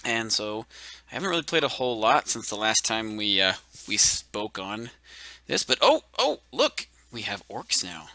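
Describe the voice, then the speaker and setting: This let's-play commentary comes from a gaming channel host who talks through his play and is readily amused. His lowish voice is very animated, bright, and forceful at a moderate pace, recorded with no echo over clearly playing game music.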